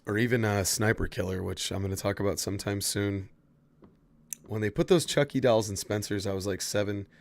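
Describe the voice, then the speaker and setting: A man's voice: fairly low pitch, fairly even intonation, brisk, creaky. A man casually chatting to his viewers while playing a horror game, swearing freely and answering chat. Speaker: streamer. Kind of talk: casual gameplay commentary.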